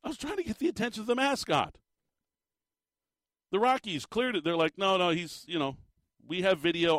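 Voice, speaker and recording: A middle-aged man rants in an exasperated, animated way, often restarting his sentences. His voice sits fairly high for a man. The recording is close and dry. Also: no echo. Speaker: commentator. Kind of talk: opinionated monologue.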